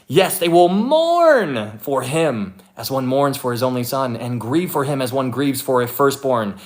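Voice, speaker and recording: A young man leads a relaxed Bible teaching with an eager, conversational delivery. His voice sits a little high for a man, and he circles back over his references as he talks. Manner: enthusiastic, conversational, repeats verse references.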